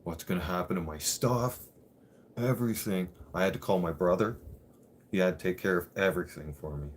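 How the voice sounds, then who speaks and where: A man's voice: low voice, brisk, a little hiss or hum. A man in his thirties telling a personal story on his channel, candid and blunt, swearing freely.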